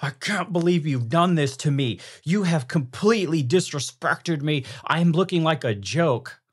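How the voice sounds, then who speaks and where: A man's voice: lively intonation, unhurried, husky. A man putting on the voice of a groveling, desperate husband who begs and whines. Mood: pleading. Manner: high, pleading, desperate whine. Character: groveling, whimpering beta husband, adult man.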